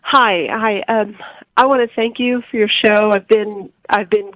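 A woman's voice: medium pitch, fairly even intonation, a little slow, a bit bright, dry recording. Woman caller in her late forties, hesitant, stammering, dry muffled phone line. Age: 40s. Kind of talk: call-in phone conversation. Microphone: telephone.

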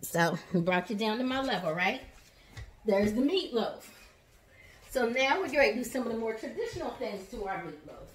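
A woman with a Southern US accent gives a chatty, encouraging cooking demonstration in her home kitchen, calling viewers y'all and honey. Her slightly high voice swings widely in pitch at a moderate pace, heard from a distance in the echoey kitchen with a little hiss or hum.

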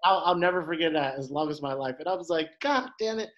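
A young man, a podcast guest, telling a story in casual chat, animated and quick to act out the voices of others. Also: on the high side, muffled recording, crowd noise. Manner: animated, acts out quoted voices, frequent restarts.

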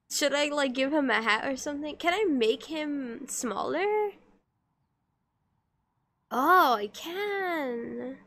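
A woman streams herself drawing and chats casually with her viewers. Her voice sits high and her delivery is slow and unhurried. She giggles often and teases her chat playfully. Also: a bit bright.

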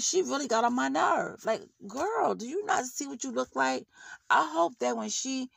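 A woman's voice: mid-range voice, creaky, a bit bright, husky, no room sound. A woman vlogger giving blunt, heated commentary on a reality show, ranting in casual slang.

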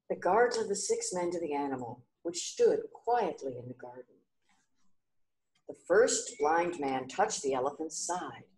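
A woman reading a children's story aloud clearly and expressively. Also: low-pitched, very animated, measured pace, a little mellow, echoey room.

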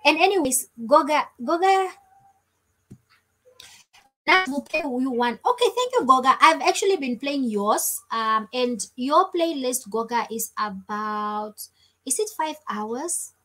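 A woman's voice: sits high, animated, a little slow, bright, forceful tone, poor audio. A woman hosting a casual live stream, chatting effusively and thanking viewers over and over. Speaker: livestream host.

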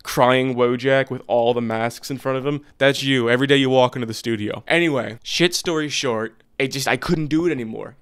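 Young man, unscripted vlog rant, blunt and profane, smooth clear voice, middle pitch. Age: 20s. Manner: blunt, profane, restless and earnest. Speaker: vlogger.

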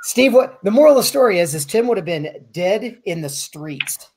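A man in casual podcast chat, telling an animated story and swearing freely. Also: sits high, normal speed, slight background noise. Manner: animated storyteller, acts out voices.

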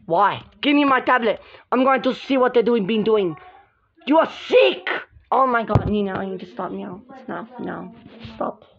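A woman performing the voices of several bickering girls in a home-made doll drama. She jumps quickly between characters, gasping and shouting through the arguments. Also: mid-range voice, expressive, creaky, husky, soft background music. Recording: dull lo-fi home recording.

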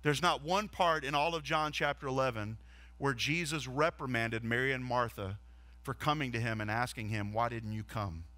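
Bright-voiced earnest man preaching. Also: medium pitch, normal speed, no echo. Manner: earnest preaching with repeated rhetorical questions. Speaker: lead pastor. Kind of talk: sermon. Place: church stage.

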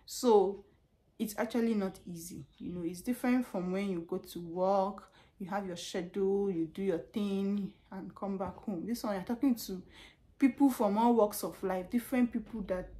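A young Nigerian woman with a Nigerian accent tells stories from her customer service job in a relaxed vlog. She talks animatedly and repeats phrases for emphasis. Her pitch sits in an ordinary middle range for a woman. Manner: animated storytelling with laughs and repetitions. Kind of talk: casual vlog chat.

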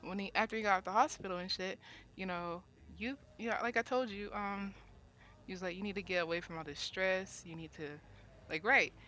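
A woman recounts a painful relationship story in loose, casual talk, packing her sentences with fillers and starting over when she gets upset. She swears freely. Her voice is bright, with a forceful edge. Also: mid-range voice, a little fast. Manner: rambling, many fillers, repeats herself when upset. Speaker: cast member sharing her side.

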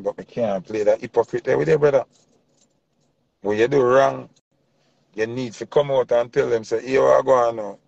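A man's voice: medium pitch, creaky, a little mellow, no echo. A man with a Jamaican accent delivering a passionate, preachy commentary rant in heavy Patois. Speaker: vlogger. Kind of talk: ranting commentary. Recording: dull lo-fi dry sound.

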